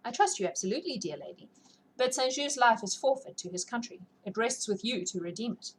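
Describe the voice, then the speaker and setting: A sly, sarcastic French envoy, a man with a smooth and mocking way of speaking, read aloud by a woman. Storybook narration with quiet menace under the politeness. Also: fairly high pitch, animated, brisk, a little hiss or hum, voice pushed up, natural voice, poor audio. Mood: coolly menacing.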